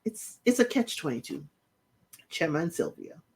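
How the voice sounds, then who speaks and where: Lively woman recapping reality TV. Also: sits low, normal speed, vocal fry, slightly rough. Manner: retells scenes and talks straight to the cast. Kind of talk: casual commentary recap.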